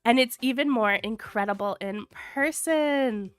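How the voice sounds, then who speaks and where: A woman hosting a casual livestream, sick with a cold, with a low sultry tone, gushing and reading viewer comments aloud. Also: a little slow, smooth, no echo, soft background music. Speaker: livestream host.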